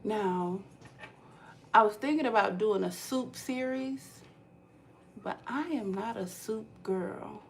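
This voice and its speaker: Woman, live cooking host, casual chatty manner, slow pace, noisy kitchen with running water. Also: medium pitch, vocal fry. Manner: chatty, talks to viewers and reads their comments aloud. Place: home kitchen.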